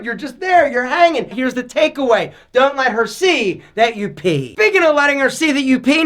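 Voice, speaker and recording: A man in his thirties hosting a joking advice video, talking loudly with lots of energy. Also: extremely high pitch. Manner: loud, animated, joking delivery. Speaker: host.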